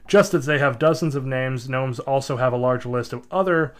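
A man co-hosting a comedy podcast, reading excerpts aloud haltingly and breaking into giggles mid-sentence. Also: medium pitch. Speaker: podcast co-host.

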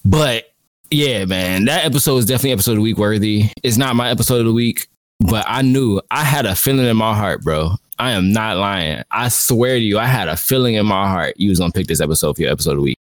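A man's voice: fairly low pitch, fast, no echo, clean studio sound. A young man co-hosting a casual podcast, talking in slangy, repetitive bursts with some stammering. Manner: slangy, repeats himself, stammers. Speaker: podcast co-host. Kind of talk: casual chat. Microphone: held too far from mouth.

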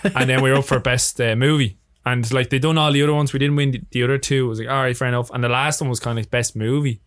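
An Irish man, a filmmaker guest on a podcast, chatting casually and telling animated stories with plenty of swearing. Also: medium pitch, fast. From Ireland. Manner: swears freely, animated storytelling. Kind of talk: casual chat.

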